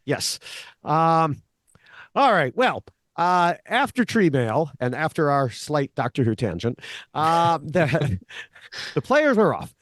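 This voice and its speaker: A man co-hosting a podcast, recapping a reality show in a casual, animated way and laughing often. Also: on the high side, slow, no echo, studio quality. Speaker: podcast co-host, Survivor expert.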